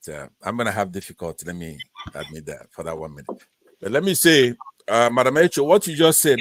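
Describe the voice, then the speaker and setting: A man with a Nigerian Pidgin accent who talks as a debate panelist, rambling and conciliatory as he slides between Pidgin and English. The recording is dry and close, and his pitch sits in a middle range. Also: no room sound. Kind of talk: online political panel debate.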